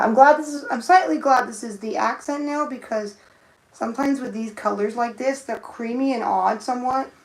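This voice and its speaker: Gravelly-voiced woman muttering while painting nails. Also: on the high side, low-quality recording. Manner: thinks aloud, muttering and humming to herself. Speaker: nail art streamer. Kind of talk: casual live-stream chatter while painting nails.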